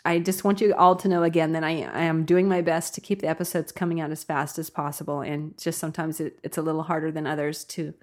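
Woman podcast host, bubbly and chatty, laughs a lot, fairly low voice. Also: level tone, quick pace, hardly any pauses. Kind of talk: casual chat.

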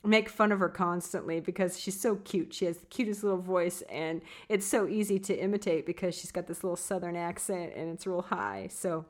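A woman host with a lowish voice chatting in a loose, giggly way, often breaking into laughter mid-sentence. She also reads listener emails aloud in the same easy tone. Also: steady tone, a little fast, hardly any pauses. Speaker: podcast host. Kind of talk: casual chat and reading listener emails.

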